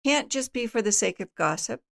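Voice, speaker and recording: A woman's voice: a little high, expressive, normal speed, creaky, fairly bright tone. A middle-aged woman hosting an advice talk, giving earnest, instructive guidance in numbered steps. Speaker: host and family counselor.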